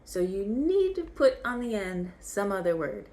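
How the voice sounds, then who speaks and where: A woman's voice: mid-range voice, big pitch swings, a little slow, darkish tone. A young woman teaching basic vocabulary, patiently repeating each word so learners can follow along. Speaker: French teacher. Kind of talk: slow vocabulary lesson.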